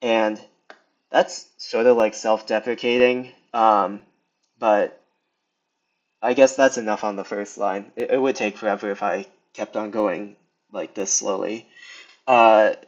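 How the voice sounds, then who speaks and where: A young man giving a casual screen lesson, talking through it with many pauses, ums and restarts. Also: fairly low pitch, steady tone. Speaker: video tutor. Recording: slightly dull lo-fi sound.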